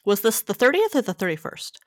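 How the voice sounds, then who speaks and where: Lively woman co-host, dry close sound. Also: a little high, fast talker, no echo. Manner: supportive, brief interjections. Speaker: podcast co-host. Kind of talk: casual conversation.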